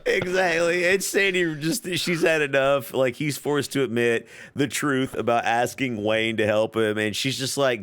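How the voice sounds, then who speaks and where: A man's voice: medium pitch, steady tone, a little slow, hardly any pauses, a bit bright, clean tone, no room sound. A man co-hosting a podcast, recapping a movie plot in casual talk and acting out lines. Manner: laughing, acts out quotes. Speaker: podcast co-host. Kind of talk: casual movie review chat.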